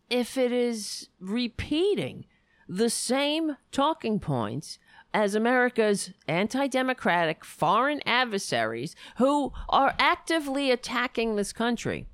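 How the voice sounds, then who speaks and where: A woman's voice: fairly high pitch, smooth, no room sound, studio quality. A woman hosting a livestream, talking casually about politics in a blunt, profane and sarcastic way. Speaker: livestream host.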